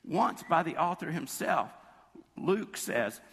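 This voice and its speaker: A male preacher with a hoarse, gravelly voice that also sounds husky and rough. He tells his sermon like a casual story and breaks into little quoted voices. A long reverb trails after his words, as in a large church hall. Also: very animated, measured pace, a bit bright. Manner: conversational storytelling, acts out quotes with jumps in pitch.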